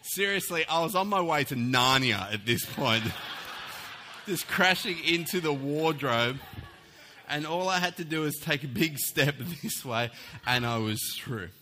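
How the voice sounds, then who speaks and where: A man's voice: fairly high pitch, unhurried, slight background noise. A man, preaching a sermon and telling a story with acted-out voices. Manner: animated storytelling, acts out voices. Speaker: pastor.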